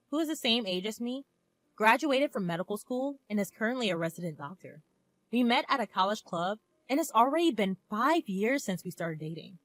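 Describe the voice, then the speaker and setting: A woman in her twenties narrating a first-person story in a calm, reflective manner. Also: medium pitch, a little fast, dry recording. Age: 20s.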